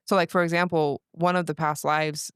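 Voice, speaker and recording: A woman's voice: sits low, little pitch movement, moderate pace, fairly bright tone, smooth, dry recording, clean studio sound. A young adult woman, a podcast guest, telling a personal story in casual chat, rambling with lots of "like" and restarts. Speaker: podcast guest, breathwork practitioner.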